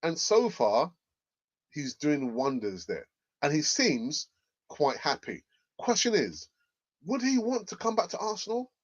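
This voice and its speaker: A young man hosting casual football news commentary, animated and laughing often as he reacts. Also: a little high, a little slow, pauses often. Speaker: football channel host. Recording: dull lo-fi audio.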